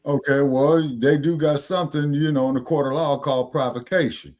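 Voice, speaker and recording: This podcast host speaks in a highish, darkish voice, fairly quick and fairly even in intonation. In a casual discussion he gets emphatic and preachy, repeating his points and asking listeners, "you see what I'm saying?"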